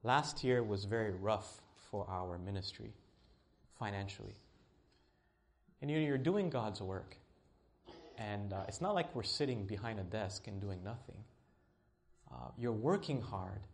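A middle-aged man preaching a sermon in an earnest voice, rising to pleading and dropping to quiet tones. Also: a little slow, pauses often. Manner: earnest, swings from pleading highs to quiet lows. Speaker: pastor.

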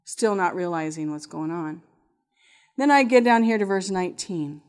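A woman giving a spoken testimony to an audience about her time teaching in a GED lab. She tells it as an animated story, acting out the other people's voices. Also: on the low side, normal speed, smooth. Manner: lively storyteller who acts out voices and laughs.

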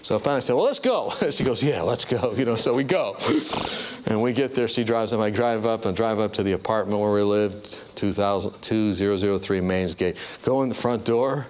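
A man's voice: fairly quick, slight background noise. A man preaching a storytelling sermon, acting out the voices of the people in his stories. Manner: animated storyteller, acts out voices with big pitch jumps.

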